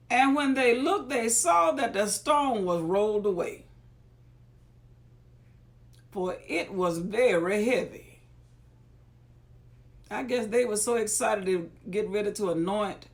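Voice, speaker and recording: A woman's voice: mid-range voice, vocal fry. A woman reading Bible verses aloud and stopping to explain them in folksy, conversational asides. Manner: paraphrases scripture in everyday talk. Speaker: Bible reader and teacher. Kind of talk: scripture reading with casual commentary.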